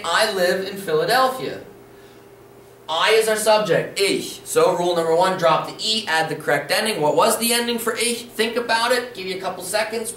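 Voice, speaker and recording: A man's voice: high-pitched, a bit bright, far from the mic. A man teaching a video language lesson, patient and encouraging, often checking in with "okay?" as he repeats the rules. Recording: roomy echo, voice a bit off-mic, faint room noise.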